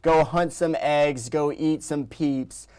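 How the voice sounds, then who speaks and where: Guy hosting local news, kinda high voice, chatty and upbeat. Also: takes it slowly, a little mellow, smooth. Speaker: news show host. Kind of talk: casual news show hosting.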